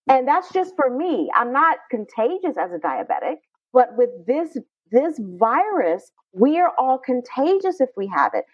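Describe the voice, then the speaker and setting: Woman podcast co-host, lively, emphatic delivery; dry, slightly muffled sound. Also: high voice, a little slow, hardly any pauses, slightly rough, no echo. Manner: animated, emphatic, passionate. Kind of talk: casual panel discussion.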